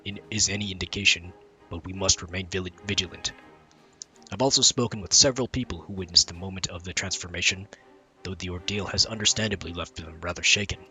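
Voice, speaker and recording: A man voicing a grave, solemn male soldier from a fantasy game, reading slowly and stumbling over some words. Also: deep voice, bright, forceful tone.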